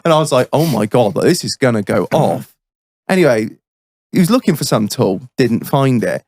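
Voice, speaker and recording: Animated, swearing man telling stories. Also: medium pitch, moderate pace, no room sound. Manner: animated, swearing anecdotes with put-on voices. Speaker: podcast co-host. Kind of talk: casual storytelling chat.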